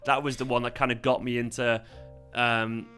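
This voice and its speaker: A laid-back young man chats on a livestream, rambling along with plenty of fillers. His voice sounds tired, yet it keeps a bright, forward edge, and soft guitar music plays faintly behind him. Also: mid-range voice, flat delivery, moderate pace. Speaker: fan channel host. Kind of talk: casual livestream chat.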